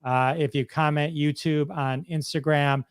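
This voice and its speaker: Male host, announcer-like delivery, upbeat and chatty, somewhat high voice, dry close sound. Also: little pitch movement, measured pace, clean tone, dry recording. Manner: upbeat, chatty, laughs often. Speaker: podcast host. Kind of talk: casual live-stream chat.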